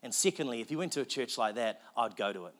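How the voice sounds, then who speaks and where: A man playing a blunt, offhand diner manager who talks fast. His is heard in a story told from the pulpit. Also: medium pitch, animated, fairly bright tone, close to an everyday voice. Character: gruff middle-aged male diner manager.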